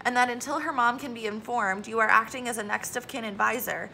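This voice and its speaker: A calm, measured lawyer speaks deliberately, as a woman reading a storybook puts him on. The tone stays bright and a touch high. A faint rumble sits under the recording. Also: vocal fry, low-quality recording. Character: stern grown man, calm measured lawyer.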